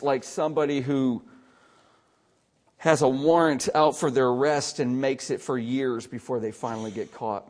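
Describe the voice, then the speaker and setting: A man preaching an earnest sermon as pastor, with emphatic stress and quiet asides. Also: medium pitch.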